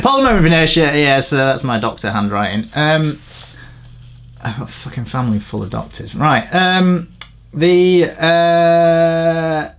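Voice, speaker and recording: A man reviewing a bike frame in a crude, rambling, sardonic way, swearing freely and shifting between mumbled asides and louder rants. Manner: swearing, rambling, sardonic, pitch jumps up when ranting. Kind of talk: crude comedic tech review.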